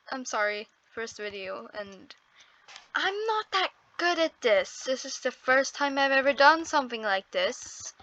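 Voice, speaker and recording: A woman's voice: a little high, pushed and bright, muffled recording. A woman giving casual gameplay commentary on her first video, nervous and apologetic, exclaiming often. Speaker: first-time gaming video creator.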